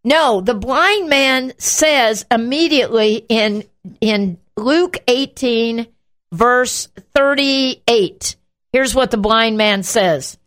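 A woman hosting a show, teaching from the Bible in an animated way and acting out the quotes. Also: fairly high pitch, slow. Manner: animated, acts out the quotes, shouts them.

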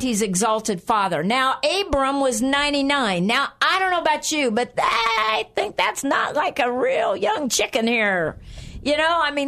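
A woman's voice: a little high, fairly bright tone. Older woman teaching the Bible, chatty. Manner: chatty, laughing, with frequent okays. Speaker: co-host of a Christian program.

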